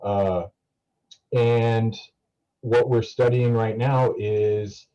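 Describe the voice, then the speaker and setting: A man's voice: mid-range voice, fairly even intonation, drawn-out words, warm tone, lo-fi sound. A young man talking casually to a class over a video call, rambling with many fillers and restarts. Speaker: student guest speaker.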